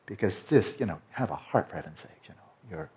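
A man teaching a Buddhist Dharma talk, explaining slowly and lingering over Tibetan and Sanskrit terms. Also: sits low, lively intonation, dark tone. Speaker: meditation teacher.

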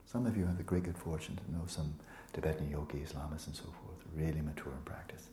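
A man teaching meditation to a retreat group, relaxed and playful, often sinking into a soft whisper and teasing students by name. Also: a bass voice, fast. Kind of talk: dharma talk to a retreat group. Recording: echoey room with faint ambience.

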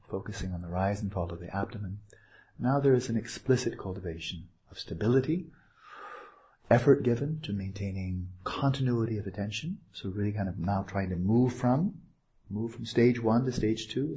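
A man giving a dharma talk as a meditation teacher on a retreat, gentle and playful, with unhurried pauses and small asides. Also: fairly low pitch.

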